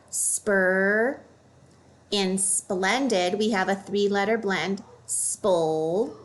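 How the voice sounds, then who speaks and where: A woman teaching a phonics lesson for children, modeling each word slowly and clearly. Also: medium pitch.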